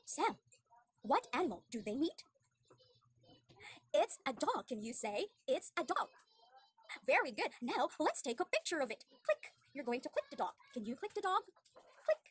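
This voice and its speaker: A woman's voice: sits high, very animated, normal speed, pauses often. A young woman giving an online demo English lesson to a young child, with exaggerated sing-song praise and frequent laughs. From Philippines.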